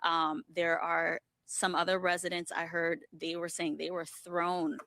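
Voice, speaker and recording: A woman field reporter giving a live news report outdoors at a storm-wrecked site, sympathetic and steady. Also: on the low side, a little slow.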